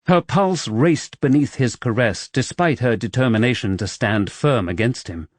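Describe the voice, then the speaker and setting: A man narrating a romance novel as an audiobook in expressive, measured storytelling, close to a studio microphone. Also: mid-range voice, dry recording.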